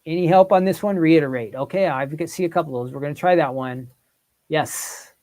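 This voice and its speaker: Speaking a little fast in a darkish voice on the high side, a livestream host puzzles through word quiz questions aloud. He turns to the chat for viewers' answers in easygoing live conversation.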